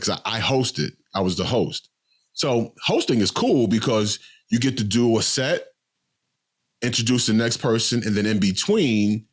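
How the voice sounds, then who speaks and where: A man telling a long story on a podcast, rambling with many ums and restarts. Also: fairly low pitch. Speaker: podcast co-host, comedian. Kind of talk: casual storytelling chat.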